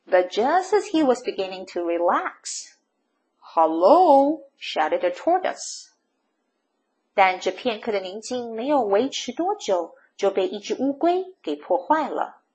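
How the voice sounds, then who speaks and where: A woman storyteller reading a picture book aloud to children, retelling each page in a slow, expressive way. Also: a little high.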